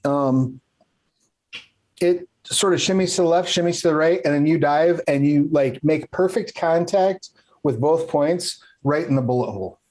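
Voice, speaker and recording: A man's voice: a little high, darkish tone. A man running a tabletop game as game master, narrating casually with many fillers and restarts. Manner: casual, halting, lots of fillers.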